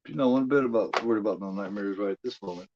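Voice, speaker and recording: A man's voice: on the low side, fast talker, lo-fi sound, noisy background. A man hosting a horror film watch-along, chatting in a rambling, profane way, full of "you know" fillers. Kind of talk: casual live commentary.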